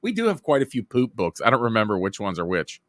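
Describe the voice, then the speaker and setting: A man's voice: fairly low pitch, fast, no room sound, clean studio sound. A man in his thirties chatting loosely about parenting and kids' humor, with many restarts and fillers. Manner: lively, rambling, lots of "like" and restarts. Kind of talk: casual chat.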